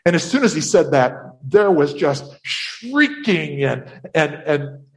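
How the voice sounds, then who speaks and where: Animated man telling a Bible story. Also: fairly high pitch, slow. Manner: animated, breathless telling with many restarts. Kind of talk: first-person Bible story told in character.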